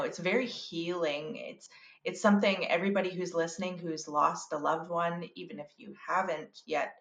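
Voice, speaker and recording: A woman's voice: on the low side, fairly bright tone. A woman hosting a podcast, interviewing her guest with enthusiastic, affirming remarks. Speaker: podcast host. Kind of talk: casual interview conversation. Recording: echoey room.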